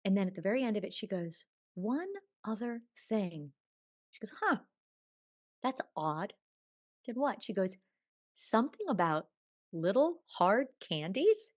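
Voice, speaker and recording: A woman in her sixties, a podcast guest telling a personal story in an animated way, acting out quoted dialogue and laughing often. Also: mid-range voice, measured pace, long pauses. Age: 60s. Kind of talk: storytelling in a conversational interview.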